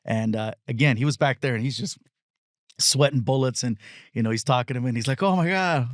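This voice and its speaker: Man, middle-aged, comedian guest, storytelling, mid-pitched voice, dry studio sound. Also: fairly even intonation, a little fast, no room sound. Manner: storytelling, many fillers and restarts, mimics other people. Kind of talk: casual interview chat.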